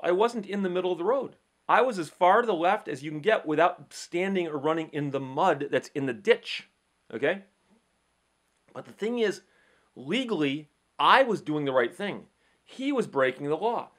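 A middle-aged man hosting a casual legal talk show, telling an animated story with frequent repeats and restarts. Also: on the high side, normal speed. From Michigan, USA. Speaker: legal commentary host.

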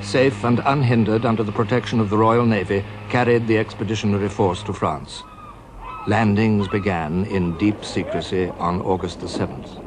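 A man's voice: lowish voice, steady tone. British male documentary narrator, noisy old recording. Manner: measured and formal.

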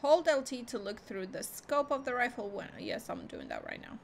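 A young woman commenting on her gameplay in a chatty, excitable way, swearing often. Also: on the high side, normal speed, vocal fry, a little hiss or hum. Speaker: gaming video host. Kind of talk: live gameplay reaction commentary.

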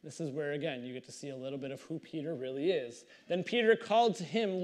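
Male pastor, slightly high voice, animated reading and sermon commentary. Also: fast talker, few pauses. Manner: animated storytelling, reads scripture then comments conversationally.

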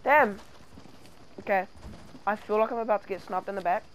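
A gaming channel host giving live gameplay commentary, excitable, who yelps and pleads whenever danger comes close. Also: mid-range voice, normal speed, noisy background.

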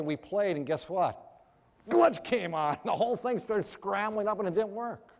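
A middle-aged man preaching a sermon, telling stories with animated, emphatic exclamations. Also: high voice, moderate pace, gravelly. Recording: long hall reverb.

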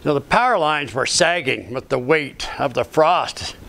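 A man's voice: a little high, animated, normal speed, vocal fry, sharp tone. A man giving an earnest, rambling personal faith testimony as a ministry speaker, often saying "you know".

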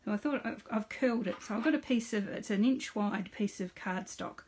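Husky woman demonstrating crafts. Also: mid-range voice, a little fast, darkish tone. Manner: chatty, greets viewers by name, narrates each step aloud. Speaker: card-making host on a live stream. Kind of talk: casual live craft demonstration.

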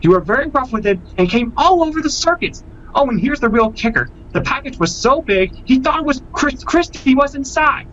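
A man's voice: very high-pitched, animated, fairly quick, fairly bright tone. A man delivering a scolding prank message. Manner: accusing, scolding. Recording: dull lo-fi audio with faint noise.

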